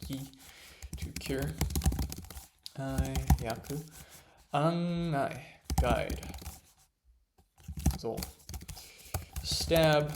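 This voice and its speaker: A man studying at his computer, muttering words to himself in a casual commentary, mostly soft with sudden excited bursts. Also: fairly high pitch, creaky, a little hiss or hum. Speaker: language learner vlogger. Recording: loud keyboard typing behind.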